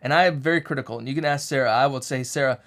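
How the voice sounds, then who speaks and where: A man's voice: medium pitch, rapid-fire, creaky, a bit bright. A man in his thirties co-hosting a sewing channel, rambling and joking in casual chat. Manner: rambling, joking, acts out quotes.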